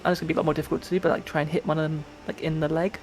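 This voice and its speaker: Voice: medium pitch, level tone, very fast, a little mellow, slight background noise, poor audio. A player in a tabletop game, hesitant and full of fillers while describing an action.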